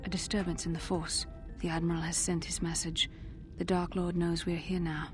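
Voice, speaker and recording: A woman's voice: fairly low pitch, flat delivery, moderate pace, natural voice. A woman voicing a solemn young Jedi. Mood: grave. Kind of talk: video game voice acting. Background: game music.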